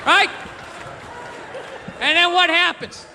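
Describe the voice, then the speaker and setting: A man doing a stand-up comedy routine, ranting angrily, swearing and breaking into shouts. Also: very high-pitched, animated, normal speed, big-room sound, a crowd in the background, background noise. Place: comedy stage before a laughing audience.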